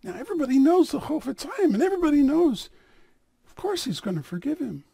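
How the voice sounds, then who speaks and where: A man tells a story aloud in an animated, dramatic style, his pitch rising and falling widely. His voice is gravelly and husky, recorded dry and close. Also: fast talker, dry recording. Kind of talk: oral storytelling.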